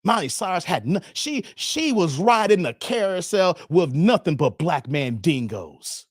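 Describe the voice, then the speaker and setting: A man hosting a livestream, with a high voice that swoops up and down all the time. He talks in an emphatic, rambling way, full of slang and repeated phrases. The sound is dry and close. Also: very animated, unhurried, husky, no echo. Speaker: YouTube commentary host. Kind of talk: livestream commentary with donation shout-outs.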